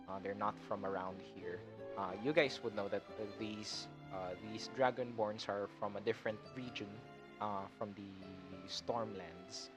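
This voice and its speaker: A man narrating as game master, rambling a little and often filling pauses as he describes the scene. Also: fairly low pitch. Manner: rambling, with many fillers and laughs. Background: guitar music.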